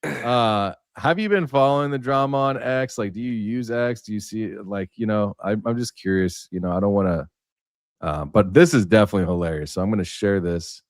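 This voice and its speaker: A man's voice: on the low side, fairly quick, dry recording, studio quality. A man hosting a casual livestream, telling stories in a rambling way with many fillers. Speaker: livestream host.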